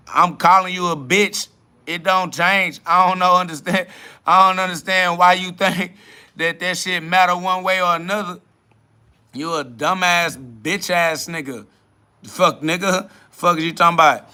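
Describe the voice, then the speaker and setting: A man's voice: high-pitched, fairly even intonation, moderate pace, sharp tone, smooth. A man hosting a livestream, answering chat comments in a combative, dismissive way and swearing a lot. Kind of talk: profane spiritual livestream rant.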